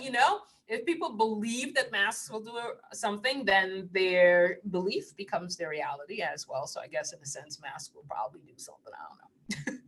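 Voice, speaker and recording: A woman's voice: mid-range voice, sharp tone. A woman hosting a casual spiritual livestream, laughing often as she tells playful, digressive stories. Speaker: spiritual host.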